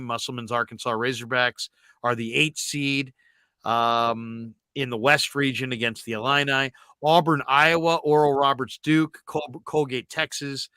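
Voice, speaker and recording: A man hosting a sports talk show, telling stories with animated, shouted impressions of callers. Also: mid-range voice, clear, resonant tone, dry recording, clean studio sound. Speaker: sports radio host.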